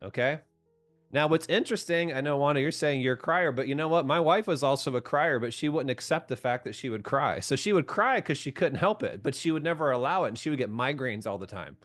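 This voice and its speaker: A man's voice: mid-range voice, expressive, a little fast, a bit bright, soft background music. A man leading a group call as a coach, chatting casually, asking his listeners questions and laughing often. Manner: chatty, asks the audience questions, laughs often, keeps saying "right?"; reads out and answers viewers' comments by name.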